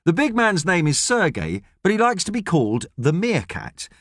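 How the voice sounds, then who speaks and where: A man narrating an audiobook with expressive storytelling. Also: on the high side, moderate pace, dry recording, clean studio sound. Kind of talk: scripted narration.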